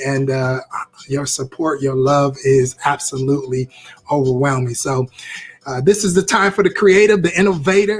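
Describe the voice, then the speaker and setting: A man's voice: mid-range voice, husky. A man teaching a live-streamed interactive class on creativity, upbeat, repeating phrases as he reacts to viewer comments.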